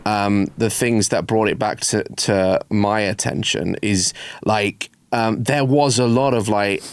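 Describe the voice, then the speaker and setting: A man's voice: on the low side, fairly even intonation, takes it slowly, clean tone. A man hosting a casual podcast, asking questions with lots of hesitant fillers. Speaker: podcast host.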